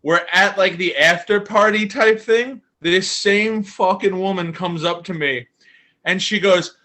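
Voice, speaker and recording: A man's voice: sits high, a little slow. A man co-hosting a podcast, telling a casual anecdote and acting out the people in it. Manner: animated anecdote-telling with acted quotes. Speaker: podcast co-host. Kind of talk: casual storytelling chat.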